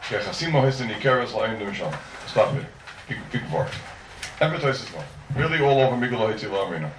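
A man lectures a Talmud class and argues through cases with rhetorical questions. His voice sits at an ordinary pitch. He is heard from some distance in a roomy, echoing space with faint background noise. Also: fairly quick. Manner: lively, rhetorical questions, mixes Hebrew and Aramaic terms. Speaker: Talmud teacher. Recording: roomy echo, mic far off, faint noise.

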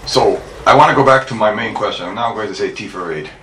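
A man's voice: on the low side, fairly quick, a bit bright. A man teaching Talmud to a congregation as a rabbi, emphatic, asking and answering his own questions and repeating key points. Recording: echoey room mic from far off, faint background noise.

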